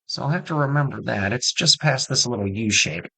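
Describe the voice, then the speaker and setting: A man's voice: mid-range voice, expressive, a little fast, gravelly, sharp tone, poor audio. A man giving casual, chatty commentary on his own gameplay, talking straight to his viewers with jokey asides. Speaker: gaming streamer. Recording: music playing behind.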